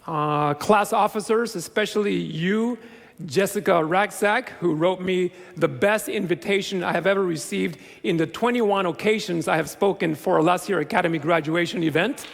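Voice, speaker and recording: A man's voice: high-pitched, normal speed, gravelly. A man preaching a graduation sermon as a pastor, with playful joking asides to the congregation. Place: large church sanctuary. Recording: long church reverb.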